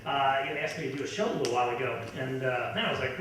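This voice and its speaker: A middle-aged man doing a stand-up comedy set in a club, ranting and incredulous, sometimes building to a shout. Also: medium pitch, very fast, slight background noise. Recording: echoey club from far off.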